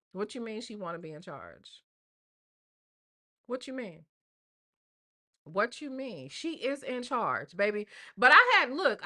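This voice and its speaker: A grandmother livestream host speaks in a mid-range voice with a sharp tone. Talkative and slangy, she chats casually with her viewers, calling them "y'all" and "baby."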